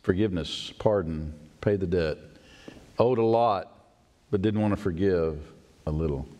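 In a reverberant church sanctuary, a male pastor gives a sermon at a measured pace, the long hall reverb clearly audible. He delivers it expressively, voicing quoted speakers with a rising pitch.

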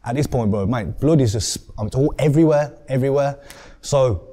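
A young man with a Birmingham accent, a podcast guest telling a story in an animated way, swearing often and acting out what people said. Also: medium pitch, moderate pace. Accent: Birmingham English. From England.

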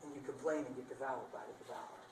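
A man preaching a sermon with dramatic swings between loud bursts and hushed lines, playful and laughing at himself now and then. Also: medium pitch, steady tone, fast, background noise. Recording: roomy sound picked up from a distance.

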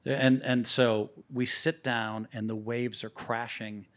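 Male guest, mid-range voice, excitable anecdotal storyteller, profane and repetitive. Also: medium pitch, takes it slowly. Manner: animated, profane, repeats words as he restarts. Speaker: poker player guest. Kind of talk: casual storytelling.

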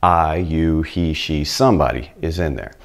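A man's voice: very deep voice, normal speed, creaky. A man whose first language is English, teaching beginners in an upbeat video lesson and speaking straight to the learner. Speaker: Spanish teacher.

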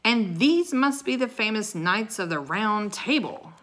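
A woman voicing a mocking armored male knight who booms his commands. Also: measured pace, slight background noise, lightly acted. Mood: booming. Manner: booming, commanding.

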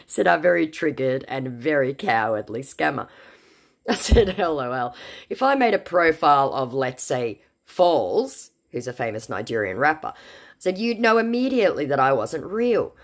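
A woman from Australia with a low voice that still moves a lot in pitch. She reads out a chat with a scammer in a dry, mocking, sarcastic way. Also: big pitch swings, normal speed, creaky. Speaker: scam-baiting narrator. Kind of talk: narrating text chats.

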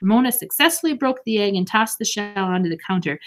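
Woman, storybook narrator, read-aloud, steady, expressive, mid pitch. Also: quick pace, a little hiss or hum.

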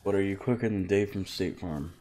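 A man's voice: low-pitched, fairly quick, dark tone. A young man live-streaming a video game, chatting with viewers between bursts of swearing at the game. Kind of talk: casual live gameplay streaming.

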